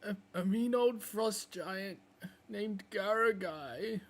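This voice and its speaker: A man's voice: sits high, voice pushed up. A man doing a whimpering hurt wolf. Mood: pleading. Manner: pleading, halting. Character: hurt, whimpering young male talking wolf.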